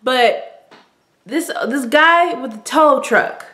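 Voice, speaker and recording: A woman's voice: high voice, slow pace, bright, forceful tone. Dramatic young woman, echoey room. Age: young adult. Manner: breathless and dramatic, heavy use of "like". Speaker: vlogger. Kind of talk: story-time retelling.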